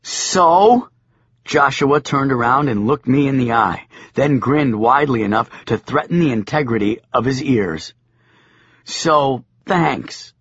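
A man voicing a flustered, squeamish young man who stammers out high exclamations. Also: animated, slow, a bit bright, slightly rough, dry recording, exaggerated voice. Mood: grinning. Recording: dull, lo-fi audiobook sound.

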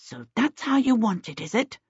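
A woman's voice: fairly high pitch, big pitch swings, moderate pace, a little mellow, husky, no room sound, muffled recording, pitched above the performer's own voice, heavily acted. A woman reading a cross, bossy young girl who snaps impatiently. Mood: snappish. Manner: snappish, impatient.

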